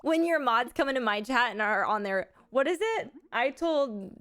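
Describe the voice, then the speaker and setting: A woman's voice: fairly high pitch, expressive, normal speed, fairly bright tone. A woman chatting casually on a live game stream, giggling often and making crude jokes. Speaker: livestream gamer.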